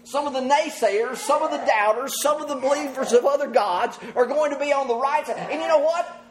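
A man's voice: very high-pitched, brisk, crowd noise. A man preaching a sermon to a congregation, earnest and often laughing as he speaks. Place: church service with congregation.

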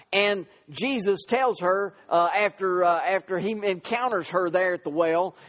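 High-voiced fervent preacher man. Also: unhurried, fairly bright tone. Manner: fervent, with many fillers and repeated words. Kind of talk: sermon.

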